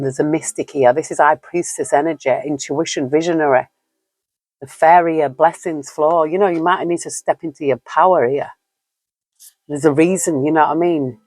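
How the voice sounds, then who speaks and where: A woman with a low, dusky voice talks through a tarot reading in a loose, chatty way, musing aloud between cards and laughing easily. The sound is close and dry, with no room around it. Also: a little mellow, no echo. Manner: chatty and musing, with frequent fillers and easy laughs. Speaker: tarot reader. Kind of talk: casual spoken tarot reading.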